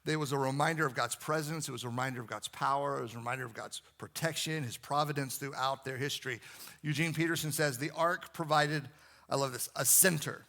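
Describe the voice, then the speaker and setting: A man's voice: medium pitch, quick pace, gravelly, pushed and bright. A man who is a pastor, preaching a sermon in a conversational, storytelling way, with asides to the congregation.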